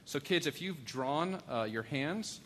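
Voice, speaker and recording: Guy preaching in a church, earnest and pleading, voice rings out in the big room, bit of low hum behind. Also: animated, slow pace, fairly bright tone, in a large hall. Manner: earnest, pleading, storytelling with asides to kids. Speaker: pastor. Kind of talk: sermon. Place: church sanctuary.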